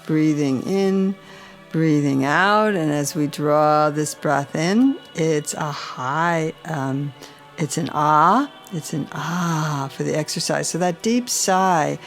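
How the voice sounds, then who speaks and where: A woman guides a chakra meditation at a very slow, unhurried pace, with a gravelly edge to her voice. She gives soft breathing cues and intones mantras in a soothing manner. Gentle music plays faintly behind her. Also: sits low.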